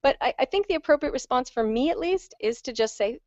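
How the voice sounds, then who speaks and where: A woman coach explains singing technique with lively, self-mocking chatter. The sound is dry, with no room around it. The audio is a little dull and muffled, as on a video call. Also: high-pitched, quick pace, dry recording. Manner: chatty, animated, self-deprecating teaching. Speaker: vocal coach. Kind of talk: online webinar teaching. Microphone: handheld microphone on a stand.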